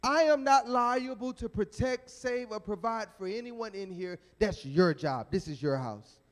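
A man voicing Jesus as a calm, authoritative houseguest, speaking firmly and with emphasis. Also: high-pitched, unhurried. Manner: firm and emphatic. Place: church sanctuary. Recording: echoey church sanctuary.

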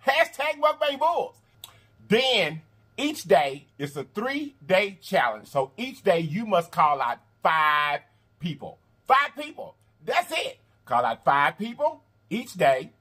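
A man hosting a mukbang eating video in casual chat, animated and repetitive, calling his viewers y'all and honey. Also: a little high, slow pace, breathy edge. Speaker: mukbang host. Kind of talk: casual eating vlog talk.

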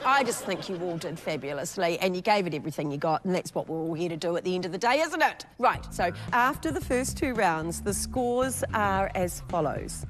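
A woman's voice: lowish voice, expressive, a little fast, few pauses, music in the background. A woman with a New Zealand accent hosting a game show, announcing scores and teasing the players in an upbeat way.

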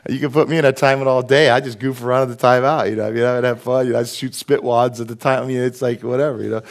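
Animated preaching man. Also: mid-range voice. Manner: animated, conversational preaching with asides to the congregation. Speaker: pastor. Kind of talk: sermon. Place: church sanctuary.

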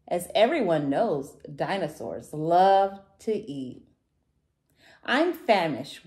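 A woman reading a picture book aloud to children, warm and sing-song. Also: fairly low pitch. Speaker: children's story reader. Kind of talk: read-aloud storytelling for kids.

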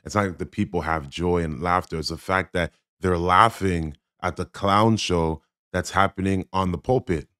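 A man's voice: deep voice, steady tone, normal speed, hardly any pauses, bright, forceful tone, smooth, no room sound, studio quality. A man giving blunt, critical reaction commentary on a sermon clip, speaking emphatically. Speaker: Christian commentator.

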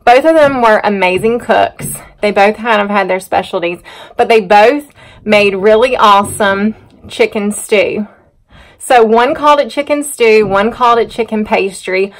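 Speaking at a medium pitch, this middle-aged woman from North Carolina drawls easily to her viewers in a casual vlog, starting outside on a muddy farm and moving to a home kitchen. She's chatty and relaxed, wandering into side stories and poking fun at herself.

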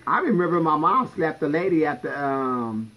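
A man's voice: a little high, animated, normal speed, dull audio. A man in drag livestreaming from home, telling stories with a blunt, profane, sassy manner. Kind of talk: casual livestream storytelling.

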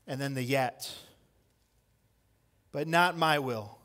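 In a slow, mid-range voice, a man preaches as pastor, alternating loud impassioned cries with hushed lines and repeating key phrases for emphasis.

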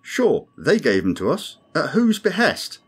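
A man's voice: a little high, huge pitch swings, measured pace, husky, voice pushed up, full character voice. A man voicing a grim, sardonic male alien crewman who speaks dryly and insistently. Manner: dry, insistent, ominous.

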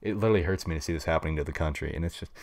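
A man hosting a casual solo podcast, blunt and slangy, swinging between loud opinionated bursts and mumbled asides. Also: very deep voice, rapid-fire, no room sound, studio quality. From United States. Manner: slangy and blunt, heavy on "dude" and "bruh". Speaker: podcast host.

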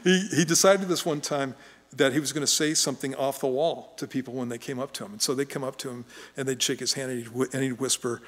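A man's voice: mid-range voice, fairly even intonation, quick pace. A middle-aged man preaching a sermon as pastor, conversational and joking, often restarting his sentences. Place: church sanctuary. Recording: long church hall reverb.

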